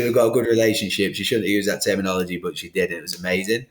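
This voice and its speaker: A man's voice: sits low, fast talker. Man telling his story animatedly. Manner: animated, acts out quoted exchanges. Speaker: podcast guest. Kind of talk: candid storytelling in conversation. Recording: roomy studio echo.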